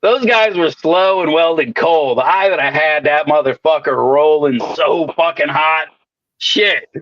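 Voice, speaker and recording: A man's voice: fairly high pitch, unhurried, dry recording, dull audio. A man telling rowdy work stories in casual, profane chat, swearing constantly. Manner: swaggering storyteller, swears constantly. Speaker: welder co-host.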